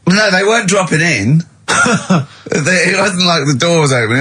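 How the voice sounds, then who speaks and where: A man hosting a radio comedy show, teasing and telling animated stories. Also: sits high, normal speed, slight background noise. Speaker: radio host. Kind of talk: casual radio banter.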